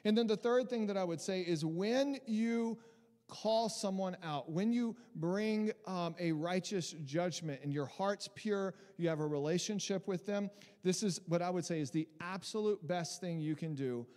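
A man's voice: high voice, moderate pace, a little mellow, big-room sound. A man preaching a sermon as a pastor, talking conversationally and animatedly, often restarting and mimicking other people's voices.

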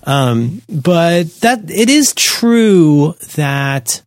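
Skeptical, animated podcast host man. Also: on the high side, extremely slow, no room sound, clean studio sound. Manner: animated, skeptical, self-deprecating asides. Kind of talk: casual tech podcast chat.

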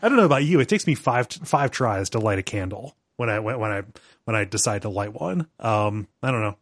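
A man co-hosting a podcast, telling stories in animated casual chat with frequent chuckles. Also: fairly low pitch, fairly quick, no echo, clean studio sound. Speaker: podcast co-host.

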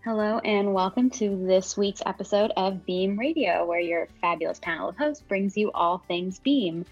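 A woman's voice: medium pitch, moderate pace, breathy edge, highs cut off, faint music behind. A woman hosting a podcast, introducing the panel and guest in an upbeat, enthusiastic way. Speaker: podcast host. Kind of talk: casual podcast chat.

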